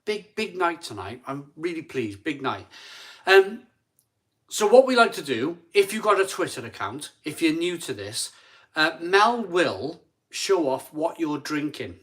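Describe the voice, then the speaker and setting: Bright-voiced chatty English man host. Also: a little high, big pitch swings, unhurried. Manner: chatty, stumbling restarts, eager pleas for likes. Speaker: live stream host. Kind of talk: casual live stream chat.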